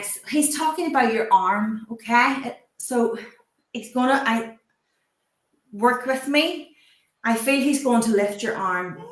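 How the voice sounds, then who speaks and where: A woman working as a medium, talking haltingly and gently reassuring the sitter, often asking permission. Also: fairly high pitch. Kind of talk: live mediumship demonstration. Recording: roomy echo.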